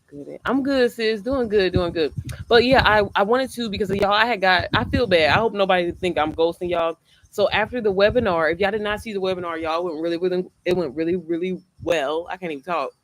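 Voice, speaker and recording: A woman's voice: lowish voice, a little fast. A woman hosting a casual livestream from home, rambling and often repeating herself as she chats with viewers. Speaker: online business creator hosting a livestream. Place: at home, indoors.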